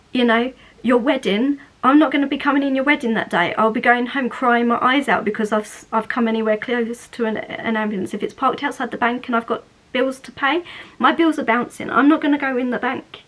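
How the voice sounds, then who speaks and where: A woman's voice: on the high side, fairly bright tone, poor audio. A woman in her thirties from England, talking candidly to the camera in a casual vlog, chatty and full of restarts. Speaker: vlogger.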